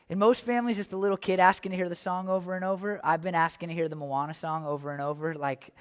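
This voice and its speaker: A male pastor preaching a sermon in a church, chatty and self-deprecating, then building to loud, impassioned stretches. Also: sits high, brisk, few pauses, in a large hall. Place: church sanctuary.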